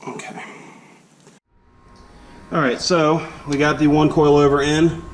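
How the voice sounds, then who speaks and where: A man's voice: on the high side, level tone, slight background noise. A man talking casually through a car suspension install as he works, a little out of breath, with the camera on his head in a garage. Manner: unhurried, talks himself through each step. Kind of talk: casual how-to narration while working. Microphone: head-mounted camera.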